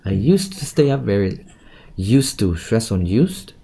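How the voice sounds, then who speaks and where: A man's voice: fairly low pitch, animated, measured pace, dark tone, breathy edge. A man coaching a student for a speaking test, correcting her often and ending phrases with "okay?". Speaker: IELTS speaking teacher.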